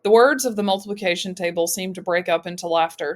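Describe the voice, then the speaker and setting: A woman narrates a novel as an audiobook reader. Her voice sits fairly low, and she raises pitch and loudness when she speaks for the characters. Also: quick pace. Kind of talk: reading a novel aloud.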